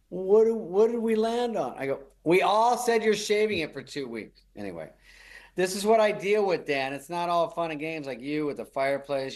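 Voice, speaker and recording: A middle-aged man, a comedian guest, telling stories in a wry, deadpan way and putting on mocking voices for the people he quotes. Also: medium pitch. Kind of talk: storytelling chat.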